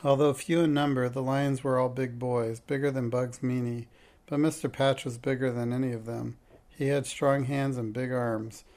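A man reading a children's detective story aloud, steady and plain, now and then stumbling and correcting himself. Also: medium pitch, creaky. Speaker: reader.

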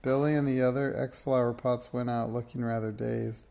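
A man reading a children's storybook aloud in a steady, expressive way. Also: medium pitch, normal speed, vocal fry. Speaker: narrator.

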